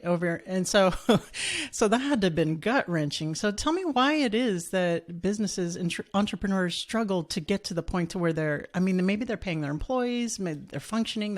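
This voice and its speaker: A woman hosting a podcast interview, responding in an affirming, conversational way. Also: fairly low pitch. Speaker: podcast host.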